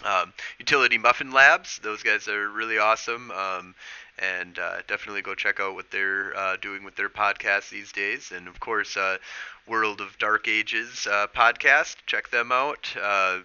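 A man hosting a casual podcast, rambling with many ums and uhs as he gives shout-outs. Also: fairly low pitch, fairly even intonation, unhurried, clear, resonant tone, dull audio. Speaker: podcast host.

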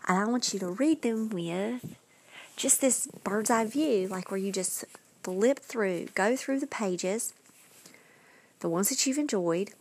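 A woman hosting a podcast, giving casual, emphatic writing advice with quick asides. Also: mid-range voice. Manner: chatty, emphatic, with dropped asides. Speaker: podcast host and writing coach.

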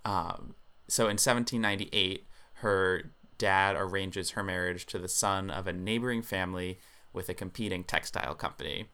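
Male podcast co-host, low gravelly voice with a crisp edge, casual storyteller, leans on filler ums. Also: moderate pace, pushed and bright. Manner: explanatory, many filler ums.

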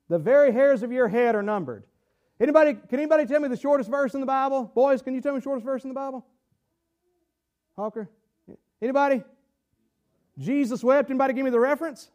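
High-voiced preacher. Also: male voice, brisk, highs cut off. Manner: animated preaching, drawls and stretches words, asks the congregation questions. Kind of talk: sermon. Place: church sanctuary.

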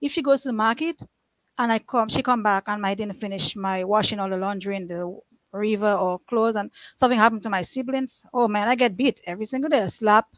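A woman's voice: medium pitch, fairly even intonation, a little fast, no echo, poor audio. A middle-aged woman telling her life story in an earnest, rambling way, with many restarts and loose grammar. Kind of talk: emotional personal testimony.

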